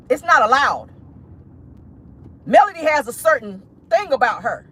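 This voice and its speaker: A woman's voice: high voice, sing-song, moderate pace, a bit bright, breathy edge. A woman giving casual pop-culture commentary on her vlog, emphatic and preachy, with frequent profanity. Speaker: commentary vlogger.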